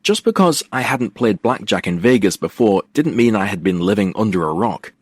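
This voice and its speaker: A man with a very low voice reads a first-person romance novel with wry, expressive timing. The recording is dry and close, with no room sound. His storytelling stays lively across voices. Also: normal speed, husky, dry recording. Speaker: audiobook narrator. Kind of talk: first-person scripted narration.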